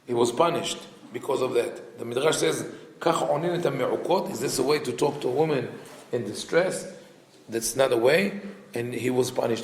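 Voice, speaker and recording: A rabbi teaching a casual class, talking in a conversational, digressive way and acting out quoted lines as he tells a story. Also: mid-range voice. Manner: conversational and digressive, peppered with "you know". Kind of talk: casual Torah class lecture. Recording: echoey hall with faint background noise.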